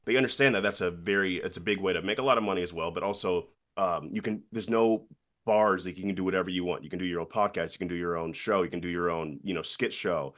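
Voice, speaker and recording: A man's voice: low voice, fast talker. A young man talking as a guest on a podcast, chatting casually and telling stories with energy. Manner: lively storyteller who acts out quoted people. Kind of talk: casual interview chat.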